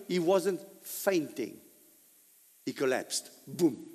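Animated preacher man in echoing hall. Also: a little high, slow, long pauses. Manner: animated preaching with rhetorical questions and sudden loud peaks. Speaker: pastor. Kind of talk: sermon. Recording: long hall reverb.

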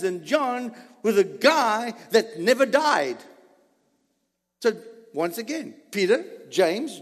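Animated high-voiced male preacher. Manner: animated, rhetorical questions to the congregation. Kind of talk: sermon. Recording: long reverb of a large hall.

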